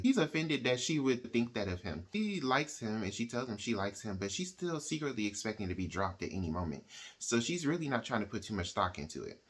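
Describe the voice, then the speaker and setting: A man's voice: mid-range voice, very animated, brisk, a bit bright, slightly rough. A man casually retelling a novel's plot as a book reviewer, talking in a chatty way and often acting out the characters' lines. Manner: chatty, uses "like" and "she's like" quotes.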